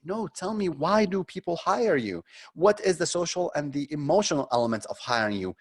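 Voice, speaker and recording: A middle-aged man with a medium-pitched voice runs a live webinar as a marketing consultant. He critiques frankly in a conversational way, with lots of ums and restarts.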